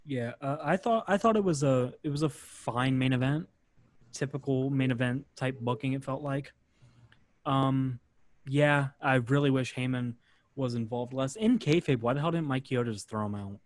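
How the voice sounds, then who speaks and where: Relaxed man recapping in a dry room. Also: medium pitch, moderate pace, dry recording. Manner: relaxed, filler-heavy narration. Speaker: podcast host. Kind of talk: casual play-by-play recap.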